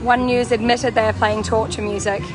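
Young Kiwi woman, bubbly and chatty, fairly high voice, phone recording outdoors with music loud behind her. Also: flat delivery, normal speed. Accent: New Zealand. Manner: bubbly, chatty, laughs often. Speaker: vlogger. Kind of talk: walking livestream vlog. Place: outdoor protest camp. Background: music playing nearby.

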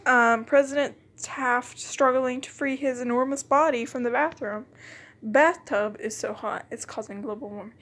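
A woman's voice: on the high side, measured pace. A woman hosting a game video, reading cards aloud in a playful, giggly way with muttered asides. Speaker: gaming channel host. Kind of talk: let's play commentary, reading cards aloud.

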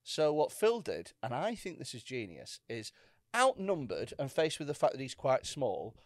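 A man's voice: mid-range voice, wildly swooping pitch, normal speed, no room sound, studio quality. A man co-hosting a comedy podcast, telling anecdotes with swearing and acted-out quotes. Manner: storytelling, swearing, acts out quotes. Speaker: podcast co-host. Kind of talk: casual comedy podcast chat.

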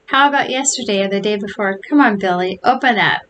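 A woman's voice: mid-range voice, brisk, a bit bright, a little hiss or hum, lightly acted. A woman reading the part of a pushy schoolboy who coaxes a friend along in a storybook. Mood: coaxing. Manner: pushy, coaxing. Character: boastful schoolboy egging a friend on.

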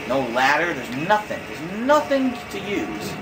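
A man's voice: on the high side, huge pitch swings, unhurried, over loud music, rough recording. A young man giving frustrated, swear-heavy commentary while playing a video game. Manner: cursing, exasperated, thinks aloud. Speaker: gamer.

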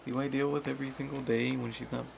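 A young man who is sick with a sore throat, talking low and half whispering in a casual home vlog. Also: level tone, rapid-fire, vocal fry, a little hiss or hum. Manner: low and mumbling, often near a whisper. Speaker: vlogger. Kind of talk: casual couple vlog chat. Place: home, indoors.

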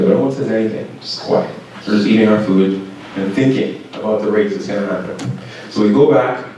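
A man's voice: lowish voice, slight background noise. Man telling a story in an echoey hall. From Canada. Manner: lively storyteller who acts out shouted quotes. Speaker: keynote speaker. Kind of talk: storytelling speech to students. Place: school banquet hall. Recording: very echoey hall, mic far off.

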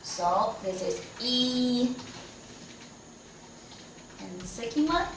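A woman's voice: medium pitch, a little slow, distant mic, background noise. A woman from China with a Chinese accent, patiently teaching a Mandarin lesson in English and modelling the tones. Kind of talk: online language lesson. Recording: echoey room, voice slightly off-mic.

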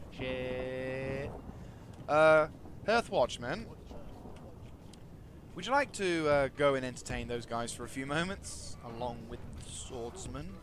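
A man giving casual commentary over a strategy game, talking to his units and swinging from quiet mumbles to excited shouts. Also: medium pitch, takes it slowly, pauses often, slight background noise. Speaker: gaming video host.

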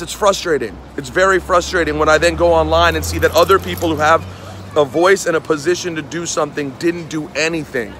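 A man's voice: on the high side, fairly even intonation, fairly quick, a bit bright, a little hiss or hum. Heated New man ranting outdoors. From New York City. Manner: heated, scolding, repeats lines for emphasis. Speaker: radio host. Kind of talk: angry street rant to camera. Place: walking outdoors on a city street.

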